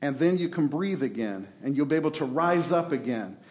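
A man's voice: on the high side, expressive, brisk, echoey room. A man preaching a sermon as pastor, impassioned, acting out prayers and answers to the congregation. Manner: impassioned preaching, acts out prayers and God's replies. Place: church.

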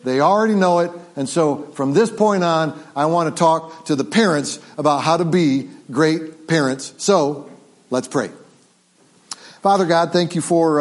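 A man preaching a family Sunday sermon as pastor, lively and interactive, coaching the congregation through call-and-response and a game. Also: a little high. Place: church sanctuary.

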